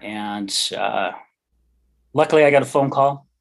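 A creaky, medium-pitched voice belongs to a middle-aged man sharing his life story on a podcast. He speaks a little slowly, and his interview testimony is earnest, heartfelt and candid.

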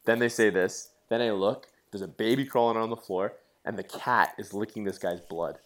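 A middle-aged man in casual chat, telling animated stories with swearing and laughter. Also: lowish voice, moderate pace.

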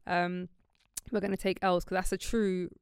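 A woman talks through her experience with earnest reflection, her voice smooth and resonant yet carrying a gravelly edge. The sound is close and dry. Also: lowish voice, flat delivery, moderate pace, no room sound. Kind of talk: candid podcast conversation.

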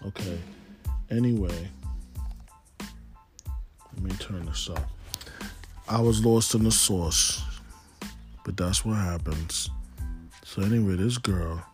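A stoned man rambling in a casual, slangy monologue, often losing his thread. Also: sits low. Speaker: podcast host.

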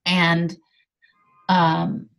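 A middle-aged woman speaking as a guest, candidly telling a personal story with lively delivery. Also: lowish voice, extremely slow, vocal fry, soft background music. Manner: animated, acts out quoted dialogue.

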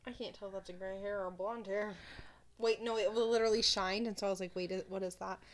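A young married woman co-hosting a casual chat, talking freely and often dropping to a quiet aside. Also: medium pitch, steady tone, fast talker. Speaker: podcast co-host.

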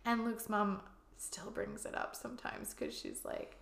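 A woman co-hosting a casual podcast, talking in an animated way, swearing and acting out quoted lines. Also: a little high, a little slow, vocal fry. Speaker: podcast co-host. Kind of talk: casual chat. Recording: echoey room.

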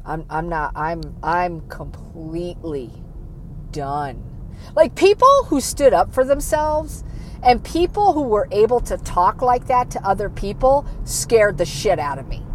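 A woman's voice: mid-range voice, lively intonation, takes it slowly, slight background noise. A woman giving a blunt, self-critical monologue full of swearing, sometimes dropping almost to a whisper. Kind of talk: candid monologue.

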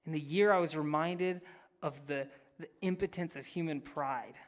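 A preacher reading scripture and teaching, swinging between loud declarations and near-whispered phrases, with casual asides to the listeners. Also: mid-range voice, normal speed. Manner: casual, addresses listeners as "guys". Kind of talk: sermon with Bible reading and teaching.

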